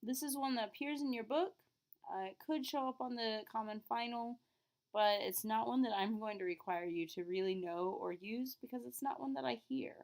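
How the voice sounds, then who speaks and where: A woman French teacher explaining phrases to her students, clearly and patiently, modeling each word slowly. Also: on the high side, darkish tone. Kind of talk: classroom lesson recording.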